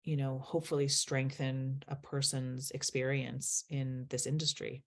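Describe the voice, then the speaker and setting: A woman's voice: a bass voice, little pitch movement, measured pace. A middle-aged woman, a guest, speaking earnestly in a candid interview and laughing as she tells stories.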